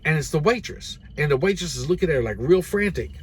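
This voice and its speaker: Fast-talking man telling a rambling story. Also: fairly high pitch, animated, darkish tone, slight background noise. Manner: rambling, filler-heavy, keeps adding "and everything" and "you know". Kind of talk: casual spoken storytelling.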